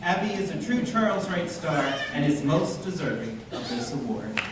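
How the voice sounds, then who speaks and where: A man presents school awards, reading formal citations in a steady manner. His voice sits a little high and carries from well back in a very echoey auditorium over a faint hiss. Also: moderate pace, recorded from a distance, a crowd in the background.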